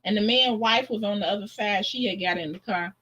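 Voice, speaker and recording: A woman chatting as a guest on a live stream, telling stories in a lively way and laughing often. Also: mid-range voice, fairly quick, slightly rough, muffled recording. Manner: animated, laughs often, acts out voices in her stories. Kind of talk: casual storytelling.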